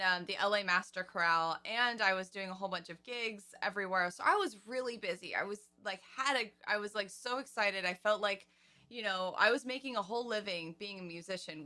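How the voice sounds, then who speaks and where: A woman's voice: medium pitch, sharp tone. A woman in her twenties, a singer, telling her story in a casual interview, chatty and openly emotional.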